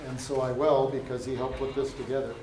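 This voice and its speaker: A man runs a university event, making announcements and setting out how questions will go. He talks in a relaxed way with frequent uh fillers. He sounds roomy and distant in a lecture hall, with a faint hiss behind him. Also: medium pitch, a little fast. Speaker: event moderator. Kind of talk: announcements and moderating. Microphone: no microphone, room recording. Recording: echoey room with faint noise.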